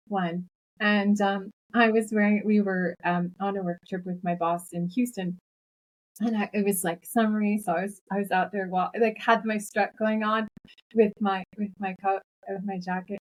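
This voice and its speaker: Woman author as an interview guest, animated anecdote-teller with a mid-pitched voice. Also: low-quality recording. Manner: animated, laughing, tells anecdotes. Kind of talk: casual storytelling in an interview.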